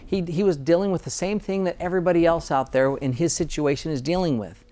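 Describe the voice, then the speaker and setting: A man with a fairly high voice talks as a dentist guest on an interview show. He sounds earnest and enthusiastic, and he often restarts his sentences as he speaks. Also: quick pace, dark tone. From Utah, USA. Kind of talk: interview conversation.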